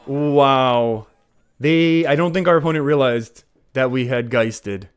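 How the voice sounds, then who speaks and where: A man's voice: fairly high pitch, normal speed, faint music behind. A man live-streaming a card game, talking through his plays in a chatty way and often laughing.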